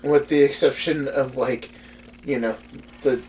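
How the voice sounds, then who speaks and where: A podcast co-host chatting casually about a movie, laughing often and retelling scenes in an animated way. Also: mid-range voice, a little slow. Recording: distant mic with faint background noise.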